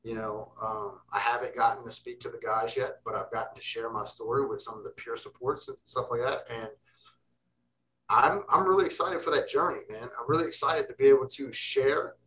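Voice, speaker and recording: A man's voice: medium pitch, fairly quick, a bit bright, far from the mic, rough recording. A young man speaking as an interview guest, intense and emphatic, swearing freely. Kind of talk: casual interview talk.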